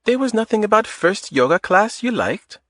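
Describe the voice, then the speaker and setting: A man voicing a lively, teasing woman in her early thirties with a light Eastern European accent and slightly broken English, in an audiobook. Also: high voice, normal speed, no echo, studio quality, pitched above the performer's own voice. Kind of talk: audiobook character voice.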